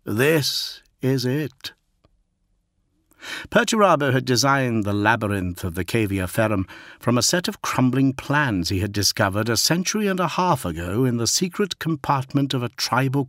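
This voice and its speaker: A man reading a novel aloud as an audiobook narrator, in steady, measured scripted narration. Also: medium pitch, no room sound, clean studio sound.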